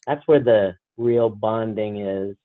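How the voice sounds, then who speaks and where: A man's voice: lowish voice, takes it slowly, no room sound. A man with a New Jersey accent, co-hosting a casual podcast from a hotel room and talking chattily with lots of "like". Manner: chatty, heavy use of "like". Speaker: podcast co-host. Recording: tinny phone-line sound, dry.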